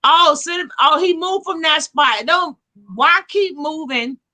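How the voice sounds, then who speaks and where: A woman hosting a casual gossip livestream, animated and slangy, quick to laugh. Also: high voice. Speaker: livestream host.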